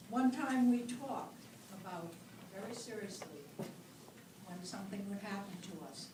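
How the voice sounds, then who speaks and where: Slow, heartfelt older woman far off. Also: mid-range voice. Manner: heartfelt, tearful, slow and halting. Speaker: widow speaking at a memorial. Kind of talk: emotional memorial remarks. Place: hall at a memorial gathering. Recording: echoey room from far off with loud noise.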